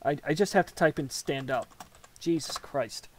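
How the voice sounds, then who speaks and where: A woman's voice: low-pitched, fairly quick, a little mellow. A woman playing a text adventure game, reading it aloud and tossing in wry, sweary asides. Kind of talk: reading aloud and commenting while typing. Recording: music playing underneath.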